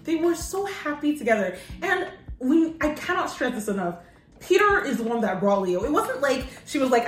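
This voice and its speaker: A woman co-hosting a casual podcast, chatting in an animated way, laughing often and acting out quotes. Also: on the high side, moderate pace. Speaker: podcast co-host. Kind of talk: casual chat. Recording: echoey room, a bit far from mic, faint music.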